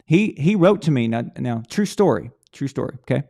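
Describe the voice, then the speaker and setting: A man's voice: medium pitch, lively intonation, normal speed, gravelly, mellow. A man hosting a live sports talk stream, thinking aloud in a rambling way with many restarts and repeated words. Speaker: live show host. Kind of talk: casual sports talk livestream.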